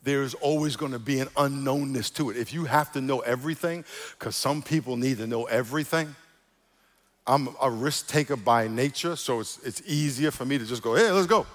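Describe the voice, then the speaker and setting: A male pastor preaching, animated, moving between quiet asides and loud emphatic calls to the congregation. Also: mid-range voice, normal speed. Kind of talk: sermon. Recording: reverberant church hall.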